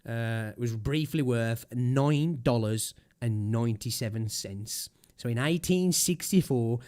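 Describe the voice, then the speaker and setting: A mellow, mid-range male voice belongs to a young streamer who rants loosely on his livestream, profanity throughout and fillers everywhere, with a slightly sore throat.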